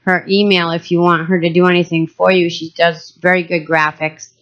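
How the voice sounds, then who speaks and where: A woman's voice: on the low side, little pitch movement, normal speed, fairly bright tone, muffled recording. A woman with a Boston accent chatting casually as a podcast co-host. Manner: laid-back, chatty, plugging her nail business.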